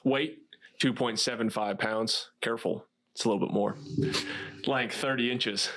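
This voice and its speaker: A man's voice: mid-range voice, fairly even intonation, moderate pace, a bit bright. A man hosting a podcast casually, reading stats with dry asides and frequent laughs. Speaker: podcast host.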